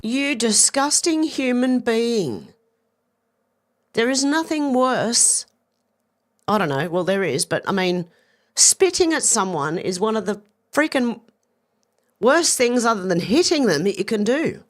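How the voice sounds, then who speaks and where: A woman's voice: on the high side, very animated, measured pace, pauses often. A woman giving opinion commentary over video clips in an exasperated, indignant way, recorded as a voice-over. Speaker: news commentator.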